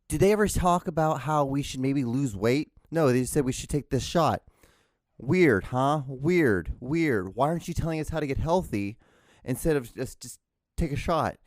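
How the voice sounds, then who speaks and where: A man's voice: medium pitch, expressive, normal speed, a little mellow, dry recording, studio quality. A man hosting his own podcast from home, rambling casually with lots of stammered restarts and swearing. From outside the United States. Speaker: podcast host. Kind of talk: casual solo podcast rant. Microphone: podcast microphone.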